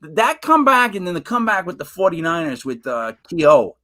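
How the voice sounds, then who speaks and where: A man with a high voice co-hosts a fantasy football podcast. He tells stories with a lot of life and acts out what people said, in an easy, chatty way. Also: fairly quick. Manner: animated storyteller, acts out quotes. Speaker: podcast co-host. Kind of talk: casual sports chat.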